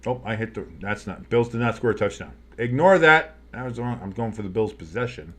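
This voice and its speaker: A young man giving casual live play-by-play commentary, chatty and swearing, tired and yawning, who bursts into shouts on big plays. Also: on the low side, a little fast. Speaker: play-by-play streamer.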